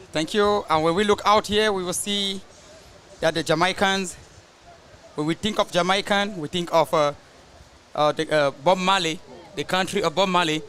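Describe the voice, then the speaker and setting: A man's voice: sits high, pushed and bright. A man doing rambling live play-by-play for an outdoor soccer match, drifting into asides about famous players. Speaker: soccer commentator.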